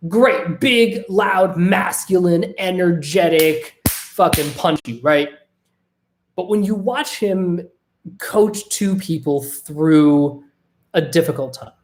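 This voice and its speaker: A podcast host at a home desk, talking casually on camera in an animated way. The host swears freely and keeps asking "right?". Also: mid-range voice.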